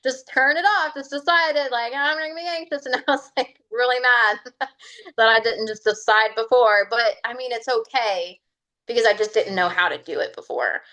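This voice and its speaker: A woman telling her personal story on a group coaching call, chatty and animated, laughing often over a video call. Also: a little high, moderate pace. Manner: chatty and animated, laughs often, slips into quoting her own self-talk.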